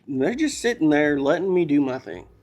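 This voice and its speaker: A podcast guest, likely male, talks briskly in a fairly high, very animated, slightly mellow voice. His casual personal story is candid and emotional, full of rambling and restarts.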